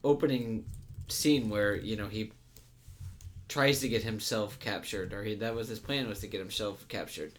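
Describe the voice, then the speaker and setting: A man's voice: lowish voice, normal speed. A man co-hosting a casual talk about movies, rambling with lots of fillers and restarts. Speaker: podcast co-host.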